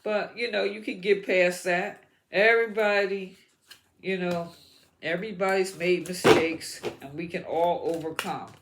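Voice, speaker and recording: Tarot reader, unhurried, encouraging, mid pitch, repeats words, slight background noise. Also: steady tone. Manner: encouraging, repeats words while pulling cards. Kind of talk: astrology tarot reading to camera.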